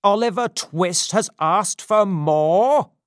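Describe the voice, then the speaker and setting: A man's voice: a little high, expressive, slow, smooth, no room sound, studio quality. A man voicing a bossy, blustering middle-aged workhouse official who barks orders in a storybook reading. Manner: loud, blustering.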